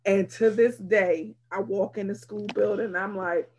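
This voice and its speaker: A woman's voice: medium pitch, fairly even intonation, moderate pace, hardly any pauses, darkish tone, a little hiss or hum. Playful woman teacher chatting. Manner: playful, teasing storyteller. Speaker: teacher, podcast co-host. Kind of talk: casual chat.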